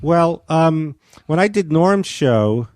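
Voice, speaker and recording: A man's voice: on the high side, animated, slow, a little mellow, dry recording, clean studio sound. A man guest on a comedy podcast, telling a story in a hesitant, rambling way full of restarts.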